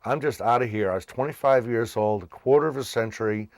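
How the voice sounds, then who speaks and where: A man's voice: mid-range voice, fairly quick, no echo. Man telling his life story, very dry. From Massachusetts. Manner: animated, acts out quoted voices. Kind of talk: casual storytelling.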